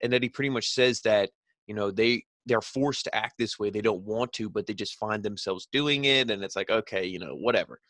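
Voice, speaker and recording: A man's voice: lowish voice, brisk, fairly bright tone, no echo. Blunt, rambling man recapping wrestling. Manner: rambling, filler-heavy, blunt and opinionated. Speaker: wrestling show reviewer. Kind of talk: casual recap commentary.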